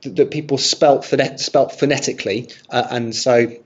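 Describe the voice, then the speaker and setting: A man's voice: mid-range voice, fairly even intonation, normal speed, breathy edge. A man presenting an illustrated history talk to an audience, friendly and thinking aloud with restarts. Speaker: archive presenter giving a talk. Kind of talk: illustrated lecture with audience questions. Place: room with a live audience. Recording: dull lo-fi sound.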